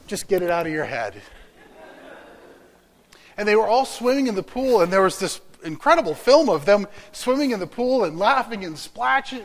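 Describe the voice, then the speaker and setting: A man preaching a sermon through a story, rising loud and then dropping to a whisper. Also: high voice, poor audio. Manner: dramatic, swinging from loud to whispered.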